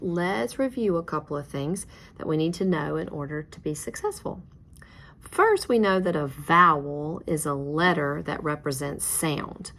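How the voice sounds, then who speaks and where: A woman's voice: sits low, fairly bright tone. A woman teacher giving a reading lesson, patient and encouraging, praising each answer. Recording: faint background noise.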